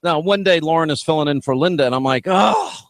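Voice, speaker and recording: A man's voice: fairly high pitch, fast talker, dry recording. Brash man hosting talk radio. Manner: brash, animated, restarts and mock-shouting. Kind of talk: political talk radio banter.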